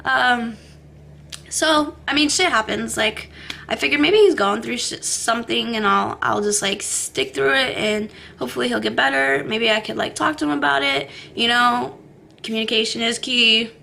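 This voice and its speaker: Young female vlogger, high bright voice, audible fry, blunt and profane, chatty camera-mic confessional. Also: normal speed, a little hiss or hum. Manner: candid, swears freely, lots of fillers. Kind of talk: casual confessional vlog.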